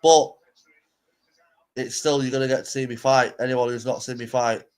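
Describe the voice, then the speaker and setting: A man's voice: medium pitch, fairly even intonation, moderate pace, darkish tone, smooth. A man hosting a casual live reaction stream, blunt and sweary, bantering with his viewers.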